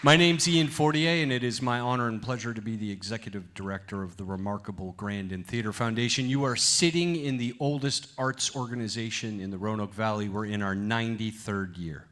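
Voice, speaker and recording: A man giving a lively, joking live welcome speech from a theater stage as its executive director, talking through a stage microphone. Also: on the low side, brisk, few pauses, a little hiss or hum. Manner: energetic, joking with the crowd.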